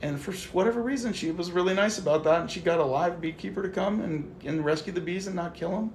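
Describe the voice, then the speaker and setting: A man's voice: high-pitched, fast, reverberant, a little hiss or hum. Man chatting animatedly on a livestream. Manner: animated storytelling, swearing, quoting himself. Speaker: livestream host. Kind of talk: casual livestream chat.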